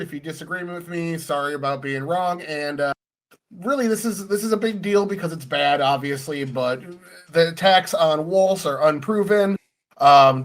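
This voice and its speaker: Brash, cursing male debater. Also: fairly high pitch. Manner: brash, profane, smug. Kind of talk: cocky self-introduction in a stream debate.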